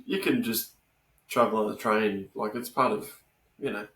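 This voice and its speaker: A man's voice: on the low side, steady tone, normal speed, fairly bright tone, roomy sound. An Australian man hosting a casual podcast interview, laid-back and ribbing his guest with easy swearing. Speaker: podcast host.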